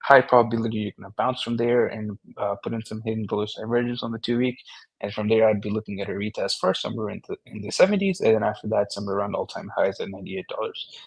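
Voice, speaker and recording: Husky man, trading analyst, dry close sound, confident. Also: fairly low pitch, fast talker, no echo, rough recording. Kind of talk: technical chart analysis.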